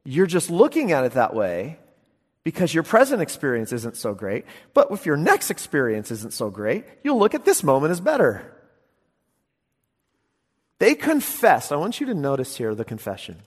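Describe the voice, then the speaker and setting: Husky preacher man in a reverberant hall. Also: fairly high pitch, huge pitch swings, moderate pace. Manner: emphatic, swings from loud exclamations to quiet intense asides. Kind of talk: sermon.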